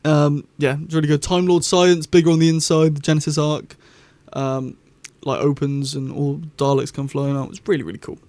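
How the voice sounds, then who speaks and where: A man's voice: fairly high pitch, level tone, normal speed, few pauses, a little mellow, no echo. A young man, hosting a casual vlog review in a rambling, chatty, enthusiastic way. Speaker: YouTube host.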